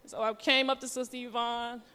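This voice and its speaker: Woman lay preacher, bright higher voice, nervous storyteller, church reverb. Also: a little fast, smooth. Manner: nervous, chatty storytelling with lively quoted voices. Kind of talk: testimony sermon.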